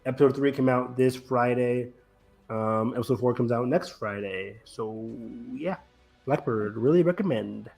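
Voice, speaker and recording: Male podcast co-host, mid-pitched, casual and eager, meandering through his thoughts. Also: measured pace, creaky, a little mellow. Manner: rambling, enthusiastic, loose with fillers. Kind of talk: casual chat.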